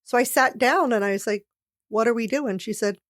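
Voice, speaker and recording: A woman's voice: on the high side, a little fast, no room sound. Laughing woman podcast co-host, dry sound. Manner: storytelling, laughs often. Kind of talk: casual chat.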